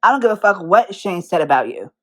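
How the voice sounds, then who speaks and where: A woman's voice: lowish voice, big pitch swings, quick pace, fairly bright tone. A young woman in an angry, profane rant, firing rhetorical questions at the person she is calling out. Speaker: commentary vlogger.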